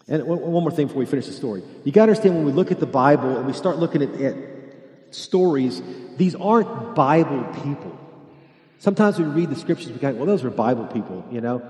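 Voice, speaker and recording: A pastor tells a Bible story as a sermon and acts out the voices of its people. His voice is mellow and sits a little high. The sound carries the long, roomy echo of a big hall. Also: animated, fast talker. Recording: echoey hall, long reverb.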